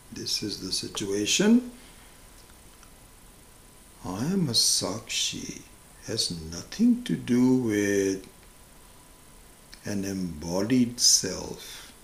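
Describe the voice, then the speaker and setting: A man giving a scripture class who tells stories deliberately and acts out the voices. He speaks slowly, with a low, gravelly voice. The sound carries around a roomy hall. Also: fairly bright tone. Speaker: spiritual teacher.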